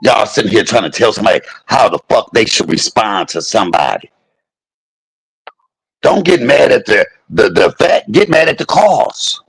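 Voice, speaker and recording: A man's voice: on the low side, very animated, normal speed, rough recording. A man in his fifties delivering a heated, profane rant to his viewers, repeating his points for emphasis. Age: 50s. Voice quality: gravelly, husky. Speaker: vlogger. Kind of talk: angry profane rant to camera.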